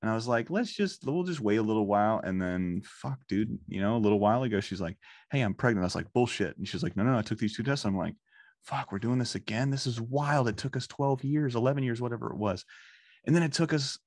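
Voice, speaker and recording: Podcast host, thirties, male; casual and profane, lively anecdotes, slightly low voice, dry recording. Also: quick pace, dry recording. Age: 30s. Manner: profane, animated storytelling. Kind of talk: casual chat.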